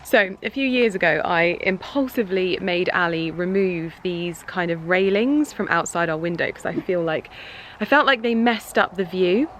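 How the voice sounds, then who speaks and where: A woman's voice: fairly low pitch, moderate pace, fairly bright tone. Woman, 30s, rambling emotional vlogger chat, faint background noise. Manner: chatty, rambling with many fillers, emotional. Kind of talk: casual vlog chat.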